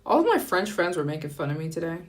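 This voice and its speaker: A woman chatting casually on a live stream, upbeat and playful with quick asides. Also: fairly low pitch, big pitch swings. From United States. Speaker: travel vlogger. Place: France.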